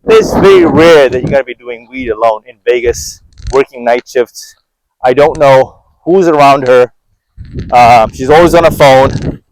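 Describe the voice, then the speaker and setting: On a rough recording, a vlogger with a mid-range voice opens up to his viewers about his own life. It's conversational storytelling to camera, with repeated words and frequent "right?" questions.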